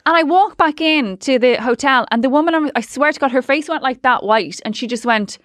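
An Irish woman hosting a podcast, telling stories in quick casual chat and acting out what others said. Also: sits high, a bit bright, no room sound, clean studio sound. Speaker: podcast host.

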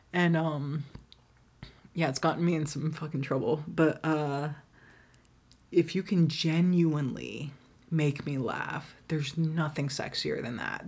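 A woman holds forth alone on her podcast in a husky, breathy voice. She is blunt and unguarded, with swearing scattered through her casual talk. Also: low voice, darkish tone. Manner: frank, swears freely, laughs often. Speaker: podcast host. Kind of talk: candid solo podcast monologue.

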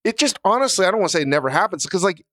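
A man co-hosting a podcast in casual, animated chat, swearing freely and laughing as he tells stories. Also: high-pitched, racing, dry recording, clean studio sound. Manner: animated, profane, laughing storyteller. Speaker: podcast co-host.

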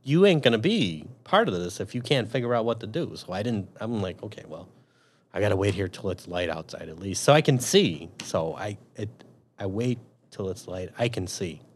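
A man with a slightly low voice tells a story in a loose, chatty way. He swears freely and acts out what he was thinking as he goes. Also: moderate pace, husky. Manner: profane, animated storyteller. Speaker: guest telling a story. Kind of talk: casual storytelling.

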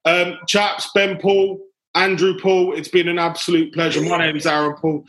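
A man's voice: high-pitched, little pitch movement, moderate pace, a bit bright, rough recording. A man from England hosting a casual football podcast, chatty and joking, calling his guests "chaps" and "mate". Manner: chatty, laughing, ends phrases with "mate" and "chaps". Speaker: podcast host.

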